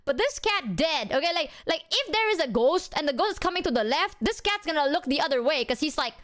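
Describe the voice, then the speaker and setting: A woman streamer chatting casually, telling animated stories full of swearing and acted-out quotes. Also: high voice, brisk. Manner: animated storyteller, swears freely, acts out quotes.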